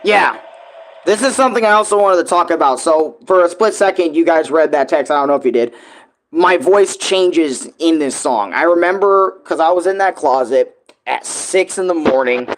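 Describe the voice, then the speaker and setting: Rambling, swearing man with a higher voice. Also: normal speed. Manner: rambling, profane, lots of filler. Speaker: music creator vlogging. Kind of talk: casual rambling chat.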